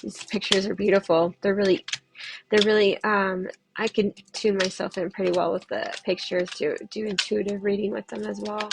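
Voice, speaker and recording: A woman's voice: mid-range voice, flat delivery, normal speed, gravelly, few pauses, background noise. Chatty woman doing a casual livestream. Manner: chatty and loose, with frequent laughs. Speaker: tarot reader. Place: at home.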